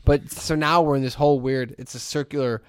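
Man, 30s, podcast co-host, rambling storyteller, mid-pitched voice, dry sound. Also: fairly even intonation, fairly quick, smooth, no echo. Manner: rambling storyteller, quotes people in put-on voices. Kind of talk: casual chat.

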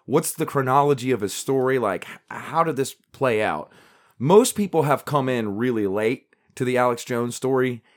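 A man's voice: mid-range voice, lively intonation, normal speed. Chatty Southern US man co-hosting. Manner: chatty, rambling with restarts and laughs. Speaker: podcast co-host. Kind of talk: casual chat.

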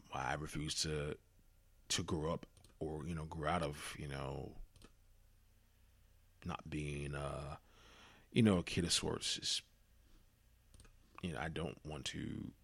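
A man's voice: very deep voice, gravelly, fairly bright tone, slightly rough, dry recording. A worn-out young man hosting a solo podcast, rambling wearily and swearing freely, sometimes dropping to a whisper. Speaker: podcast host. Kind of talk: solo reflective monologue.

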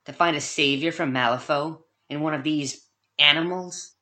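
A man's voice: a little high, moderate pace, bright, forceful tone, pitched above the performer's own voice. A man voicing a cruel, teasing young girl who has just grown into a woman, in a mocking, sweetly defiant manner. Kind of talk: audiobook character voice.

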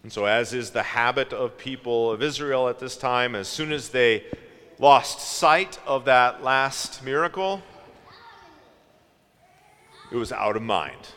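A man preaching a sermon in a slow, reflective way, asking his listeners questions. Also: medium pitch, bright, forceful tone, smooth, long reverb tail.

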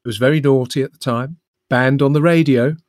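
A man with a medium-pitched, slightly mellow voice talks a little fast as co-host and quizmaster on a podcast, running a music quiz in casual chat. He jokes, laughs often, and offers rambling clues, recorded dry in clean studio sound.

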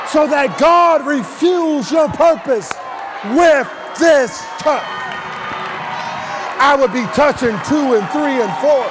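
A man preaching a shouted revival sermon, calling on the congregation to repeat his lines. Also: very high-pitched, background noise. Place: church service with a crowd. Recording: live church mic with music and crowd.

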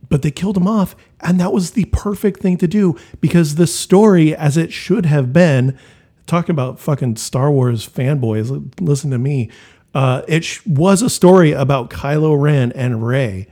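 A man's voice: fairly high pitch, normal speed, warm tone, slightly rough. A man chatting casually about movies on a podcast, blunt and profane, with a mocking edge. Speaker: podcast co-host. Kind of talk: casual chat.

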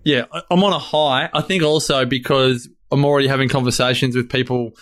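A man's voice: medium pitch, fairly even intonation, a little fast, a bit bright. A man co-hosting a podcast, talking in a reflective, earnest way with some hesitant restarts. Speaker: podcast co-host. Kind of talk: casual chat.

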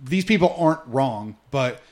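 A man's voice: medium pitch, lively intonation, moderate pace. A man hosting a casual podcast, moving through news topics with dry joking asides. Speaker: podcast host. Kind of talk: casual chat.

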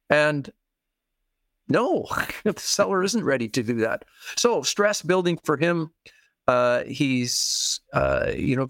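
A man's voice: mid-range voice, a bit bright, no echo. Man explaining real estate deals, dry sound. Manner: plain, repeats key phrases, acts out quoted people. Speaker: real estate investing guest expert. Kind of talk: interview, explaining with worked examples.

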